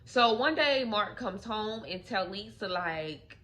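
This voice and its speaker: Bright-voiced woman telling a story-time tale. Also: mid-range voice, lively intonation, slow, few pauses. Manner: chatty, loose, lots of "like" fillers, addresses viewers as y'all. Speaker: storytelling channel host. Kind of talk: casual story-time retelling.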